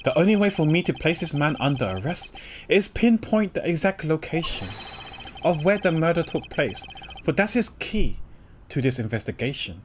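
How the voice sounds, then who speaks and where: A man's voice: a little high, big pitch swings, slight background noise, pitched above the performer's own voice. A man reading a stern game prosecutor. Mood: formal. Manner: formal, measured reading. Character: stern male prosecutor questioning a suspect.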